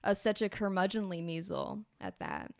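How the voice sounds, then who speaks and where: Gravelly-voiced woman chatting thoughtfully. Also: medium pitch, huge pitch swings, normal speed, no room sound, clean studio sound. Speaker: podcast guest and player. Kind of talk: casual chat.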